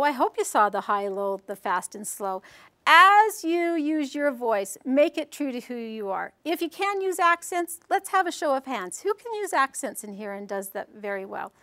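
A woman presenting a storytelling workshop, telling a story with animated, theatrical delivery. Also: sits high, moderate pace. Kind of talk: live workshop talk and storytelling.

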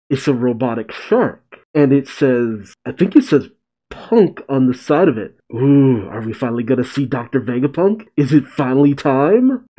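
A man hosting a comic reaction show, walking through the chapter aloud in a mellow, relaxed voice. His retelling is brisk, dotted with chuckles and quick asides. His pitch sits in an ordinary middle range. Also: low-quality recording. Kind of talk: reading a comic aloud with commentary.

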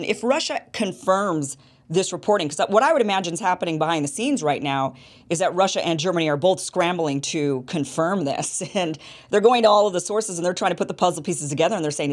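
Animated woman host, lowish voice. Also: a little fast. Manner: animated, rhetorical questions. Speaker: show host. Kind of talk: political interview.

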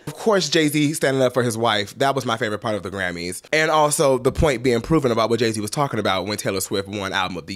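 A man's voice: mid-range voice, fairly bright tone. A man with a congested, stuffy voice giving chatty, sassy pop culture commentary straight to his viewers. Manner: chatty and sassy, calling listeners girl and honey. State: congested from blocked sinuses.

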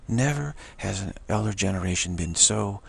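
With a fairly low, gravelly, and husky voice, a man speaks expressively at a moderate pace in an informal sermon. As a spiritual teacher, he wanders and repeats himself, restarting frequently and declaring things emphatically.

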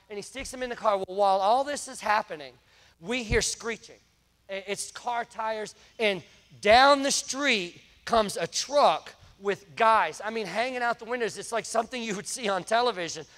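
High-voiced preacher in a church. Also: male voice, a bit bright, big-room sound. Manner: storytelling, conversational preaching. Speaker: pastor. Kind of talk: sermon. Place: church sanctuary.

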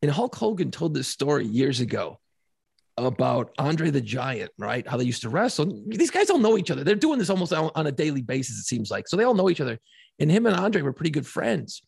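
A middle-aged man co-hosting a podcast, telling stories in an animated way with swearing and bursts of laughter. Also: fairly high pitch, fairly quick, gravelly, breathy edge, no room sound, clean studio sound. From New Orleans area. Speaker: podcast co-host. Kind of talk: casual chat.

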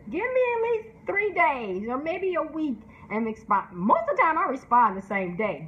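A high-voiced woman talks casually and candidly, laughing often and briefly putting on other people's voices. Her advice comes across as frank and lively. The sound is a little dull, with a faint hiss behind it. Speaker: book promotion specialist and host. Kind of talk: casual advice talk, live stream. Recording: slightly dull sound with faint background noise.

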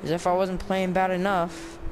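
A man's voice: high-pitched, monotone, moderate pace, faint music behind. A man giving casual, sarcastic let's-play commentary while grumbling at the game. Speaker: gameplay commentator. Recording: clear background noise with game car sounds.

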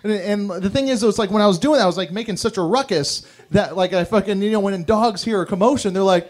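High-voiced man doing crude stand-up. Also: a little fast, hardly any pauses, a little hiss or hum. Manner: crude, rambling, self-mocking storytelling. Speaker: stand-up comedian. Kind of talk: stand-up routine. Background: audience laughter.

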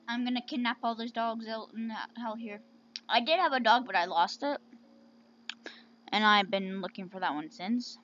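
A woman's voice: a little high, moderate pace, fairly bright tone, a little hiss or hum. A woman hosting let's-play commentary, chatting to her pets with sudden squeals, close to a home mic. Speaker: gaming channel host. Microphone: close desk mic. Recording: dull lo-fi recording.

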